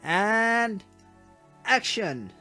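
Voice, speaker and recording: A man's voice: high voice, big pitch swings, very slow, pushed and bright, soft background music, voice pushed up, exaggerated voice. A man voicing a smug, cheerful young boy while reading a video game's story aloud. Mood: cheeky. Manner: cheerful and boastful.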